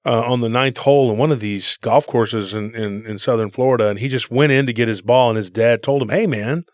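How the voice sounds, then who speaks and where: A man's voice: medium pitch, steady tone, a little fast, no room sound. Man rambling on a dry-sounding podcast. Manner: rambling storyteller, says "dude". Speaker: podcast co-host. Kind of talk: casual podcast conversation.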